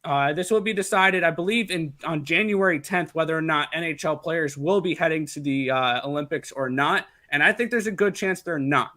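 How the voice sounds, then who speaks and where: A man co-hosting a casual sports betting show, laying out his hockey bets quickly with many fillers. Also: a little high, bright, forceful tone.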